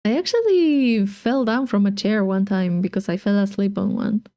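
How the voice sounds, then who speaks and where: A woman's voice: mid-range voice, normal speed, dark tone, no room sound, studio quality. Giggly young woman streamer. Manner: chatty, giggly, rambling. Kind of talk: casual let's-play commentary. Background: faint game music.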